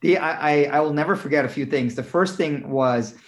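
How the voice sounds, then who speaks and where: Earnest man from India, slightly higher pitch. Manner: earnest, halting restarts. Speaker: guest. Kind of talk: reflective storytelling in an interview.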